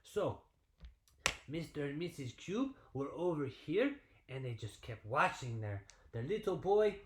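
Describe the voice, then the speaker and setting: A man, a PE teacher, telling a story to young children in an animated, sing-song way from home. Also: fairly high pitch, measured pace, echoey room, noisy background.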